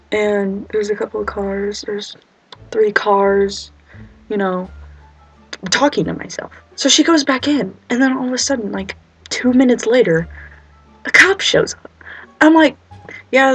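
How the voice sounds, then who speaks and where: A young woman tells a story on her own channel in a loose, chatty way. She acts out what each person said and laughs at her own nerves. Her voice has a husky edge. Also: medium pitch, poor audio. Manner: animated, acts out quoted voices, nervous humor. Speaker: vlogger. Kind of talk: casual storytime vlog.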